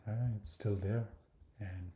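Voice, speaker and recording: Low slow man muttering through a tutorial. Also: fairly even intonation, mellow. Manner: thinks aloud, often drops to a mutter or whisper; hesitant, many fillers and restarts. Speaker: design tutor. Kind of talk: screen-recorded design walkthrough. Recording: echoey room.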